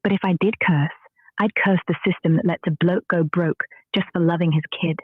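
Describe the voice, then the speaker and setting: Brief: AI woman voice, calm and wry, slightly breathy, heard through a tinny phone speaker. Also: on the low side, fairly quick, no echo. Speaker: AI chat companion. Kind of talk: conversational reply.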